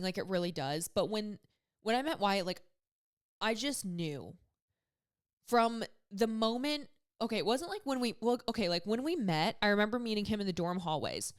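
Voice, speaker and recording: A woman's voice: mid-range voice, expressive, normal speed. A woman in her thirties hosting a podcast, giving advice in candid, chatty talk full of "like" and casual swearing. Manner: candid, chatty, heavy use of "like", swears freely. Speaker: podcast host.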